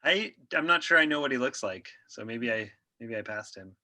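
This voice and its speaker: A man improv performer in casual chat, low-key and hesitant with stumbling starts. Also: expressive, fairly quick, sharp tone.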